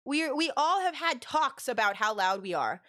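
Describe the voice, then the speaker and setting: A young woman with a notably high voice tells stories to her live chat. She talks loudly and animatedly, rambling along with plenty of "like" fillers in a casual streamer chat. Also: normal speed. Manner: loud and expressive.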